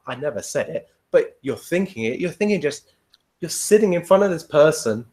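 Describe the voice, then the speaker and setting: A man's voice: a little high, animated, moderate pace, a little mellow. A man in casual podcast chat, telling a long rambling story, swearing freely and laughing often. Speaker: podcast guest.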